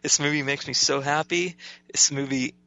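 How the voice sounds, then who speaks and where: A man's voice: fairly high pitch, steady tone, normal speed, vocal fry, pushed and bright, dry recording, lo-fi sound. A man co-hosting a casual film podcast, defiant and enthusiastic about his favourites. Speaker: podcast co-host.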